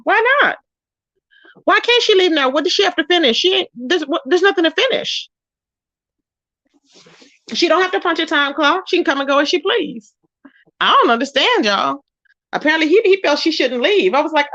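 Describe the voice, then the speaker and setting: Sassy high-voiced woman dishing gossip. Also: moderate pace, no room sound, muffled recording. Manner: sassy, animated, greets chat viewers. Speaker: commentary vlogger. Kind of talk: casual gossip commentary.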